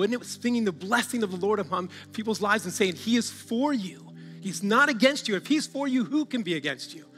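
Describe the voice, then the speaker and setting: A male pastor with a high, bright, ringing voice preaches to his church, urging and calling out to the congregation and breaking into laughs. His voice carries a long reverb from a large hall, with faint music underneath. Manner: exhorting, calls out to the congregation, laughs often. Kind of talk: sermon.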